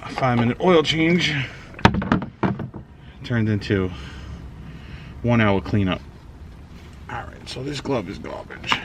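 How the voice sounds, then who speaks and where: A man's voice: mid-range voice, very animated, takes it slowly, long pauses. Cursing man on a noisy street. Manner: cursing, frustrated muttering. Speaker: car owner doing his own oil change. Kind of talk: casual vlog narration. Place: outdoors on a street beside a car. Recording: noisy street recording, cars passing. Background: passing traffic.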